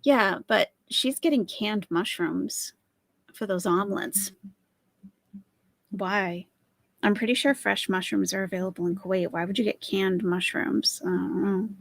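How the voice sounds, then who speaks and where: A woman's voice: mid-range voice, steady tone, a little slow, gravelly. A woman hosting a live stream, giving sarcastic, mocking reaction commentary.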